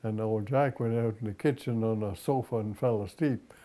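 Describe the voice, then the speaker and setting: Older man, folksy rambling storyteller, mellow dark voice. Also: on the low side, normal speed. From Upper Ottawa Valley, Canada. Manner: folksy, rambling, tag questions. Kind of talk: reciting a ballad and telling a folk anecdote.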